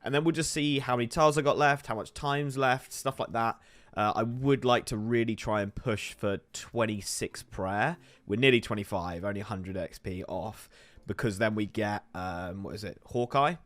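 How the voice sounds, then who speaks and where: A man's voice: on the low side, normal speed, a bit bright, dry recording. A young man talking through his gameplay in a chatty way, swearing when things go wrong. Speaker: gaming YouTuber. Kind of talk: casual gameplay commentary.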